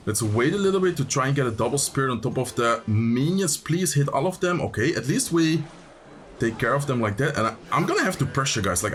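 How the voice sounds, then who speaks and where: A young man giving live commentary on his gameplay, thinking aloud, excitable and talking straight to viewers. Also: mid-range voice. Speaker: gaming commentator.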